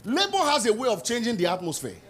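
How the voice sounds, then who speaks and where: A middle-aged man preaching a sermon at a church service, acting out quotes and shouting at his peaks. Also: very high-pitched, huge pitch swings, fast talker, soft background music. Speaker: pastor.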